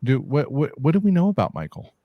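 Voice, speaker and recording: A man's voice: medium pitch, very animated, fast talker, dry recording, lo-fi sound. A man from California hosting a live stream, upbeat and rambling, laughing often. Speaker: podcast host. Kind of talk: casual live-stream chat.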